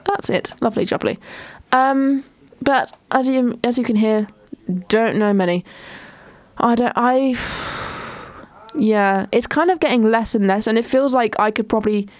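A woman's voice: a little high, unhurried, dry recording. A young woman, hosting a casual solo chat show, rambling with lots of ums and restarts. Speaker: podcast host.

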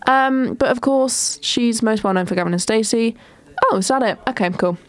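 A woman's voice: on the high side, moderate pace, dry recording. A young woman, hosting a casual solo chat show, rambling with lots of ums and restarts. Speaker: podcast host.

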